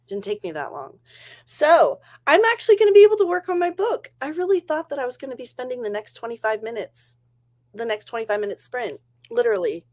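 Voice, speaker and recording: A woman's voice: sits high, quick pace, a little mellow. Chatty woman hosting a writing stream. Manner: chatty, rambling, laughs often. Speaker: livestream host. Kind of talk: casual livestream chat.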